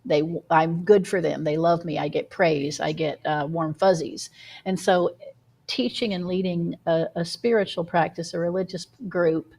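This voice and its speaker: A woman with a lowish, gravelly voice gives an earnest, personal answer on a panel show. She sometimes stumbles and restarts her sentences. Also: fairly even intonation, normal speed, a little mellow. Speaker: co-host and high priestess.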